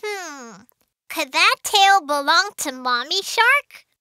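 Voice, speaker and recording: A woman's voice: extremely high pitch, lively intonation, slow, bright, forceful tone, no echo, clean studio sound, exaggerated voice. A woman voicing an eager little girl shark in a cartoon, who talks to the viewers in a sing-song way. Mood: curious.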